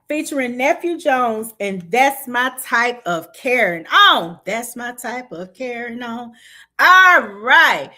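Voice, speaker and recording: Lively bright-voiced woman host. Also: on the high side. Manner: lively, hype, chatty with the audience. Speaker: livestream show host. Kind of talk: casual livestream chat and event promotion. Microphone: video call style stream mic.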